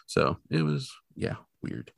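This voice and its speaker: A man's voice: slow pace, no room sound, studio quality. A man co-hosting a casual podcast, retelling an episode with lots of fillers. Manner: animated retelling, many fillers, briefly acts out quoted characters. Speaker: podcast co-host. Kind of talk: casual episode recap chat.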